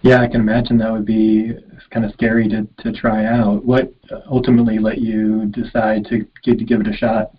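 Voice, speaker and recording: Husky, sympathetic male podcast host. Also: lowish voice, flat delivery, normal speed. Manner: sympathetic, affirming, with easy laughs. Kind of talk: casual interview chat. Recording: slightly muffled, dull audio.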